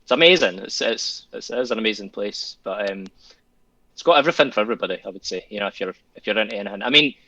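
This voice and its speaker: A man's voice: lowish voice, lively intonation, fast talker, bright, forceful tone, no room sound, lo-fi sound. A Scottish man chatting as a podcast guest, rambling and restarting, chuckling often. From Scotland. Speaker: guest, tattoo artist and children's author. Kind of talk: casual podcast conversation.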